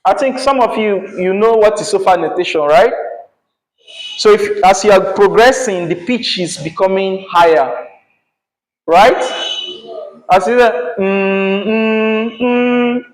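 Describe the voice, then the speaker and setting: A man's voice: high voice, measured pace, long pauses. A male teacher, teaching a class patiently and checking in often with "yeah?" and "right?". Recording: echoey classroom.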